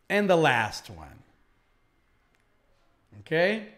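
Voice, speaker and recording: A man from Brazil teaching a live online English lesson, speaking slowly and repeating phrases for learners. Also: on the high side, animated.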